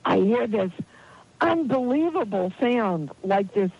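A woman's voice: medium pitch, animated, takes it slowly, creaky, a little mellow, breathy edge, dry recording. A woman relates a personal story in an interview and brings each person in it to life by quoting them. She laughs easily as she talks. Her voice comes through a muffled, narrow-band call line. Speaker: guest, healer.

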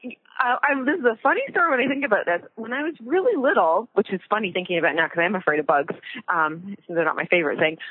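A woman's voice: medium pitch, lively intonation, fast talker, husky, no echo. A woman co-hosting a casual talk show, chatty, laughing often and acting out little voices. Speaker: co-host. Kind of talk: casual chat. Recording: tinny phone line.

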